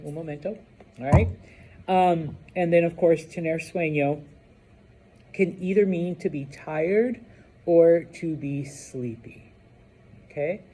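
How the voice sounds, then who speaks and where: Laid back guy teaching spanish class, slow and kinda husky, keeps saying okay?. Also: fairly high pitch. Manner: relaxed, chatty, repeats "okay?" often. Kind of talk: classroom lesson.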